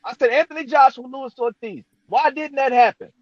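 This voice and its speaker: A man's voice: extremely high pitch, brisk, no echo, highs cut off. A man in a heated casual debate on boxing, cutting in often, swearing and repeating himself to take the floor. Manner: cuts in, swears, repeats "hold up". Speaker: debate panelist.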